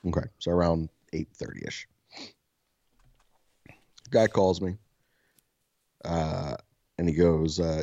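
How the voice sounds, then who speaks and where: Soft-spoken male podcast co-host, low voice, casual storyteller, swears a lot, dull dry mic. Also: unhurried, pauses often, slightly rough, no echo. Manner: swears freely, laughs at himself.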